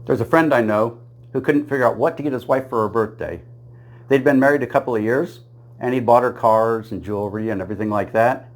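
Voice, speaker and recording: Telling jokes one after another, a man speaks briskly at medium pitch in a plain narrative voice. When quoting characters he briefly shifts into small voices, and he chuckles at his own punchlines throughout the monologue.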